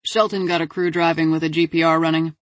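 A woman's voice: deep voice, little pitch movement, fast talker, no room sound, lo-fi sound, natural voice. A woman voicing a male detective giving a matter-of-fact case briefing over the phone in an audiobook. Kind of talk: audiobook character voice.

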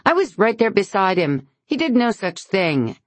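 A woman voicing a sharp, defensive woman who snaps back at others, in an audiobook. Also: fairly low pitch, normal speed, no echo, voice pushed up. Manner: sharp, accusing.

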